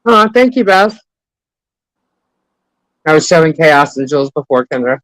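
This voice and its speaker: A man's voice: on the high side, sing-song, measured pace, fairly bright tone, low-quality recording. A man co-hosting a casual live stream, talking in a chatty way and greeting viewers by name.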